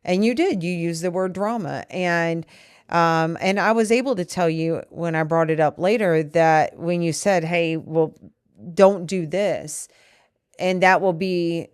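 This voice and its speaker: A woman's voice: fairly low pitch, normal speed, smooth, no echo, studio quality. A woman co-hosting a podcast, talking earnestly and at length with her partner about a disagreement. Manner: earnest, explaining at length with restarts. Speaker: podcast co-host. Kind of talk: candid couple conversation.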